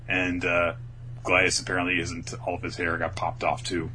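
A man's voice: low-pitched, moderate pace, a little hiss or hum. A man on a casual podcast, retelling anime episodes and acting out the characters' lines with lots of energy. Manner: animated storytelling, acts out the characters' lines in raised voices. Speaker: podcast co-host recapping an anime. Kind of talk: casual chat.

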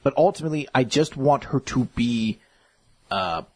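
A man co-hosting a podcast, chatting casually about manga chapters and retelling scenes with quick voices for the characters. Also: medium pitch, animated, a little mellow, husky. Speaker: podcast co-host.

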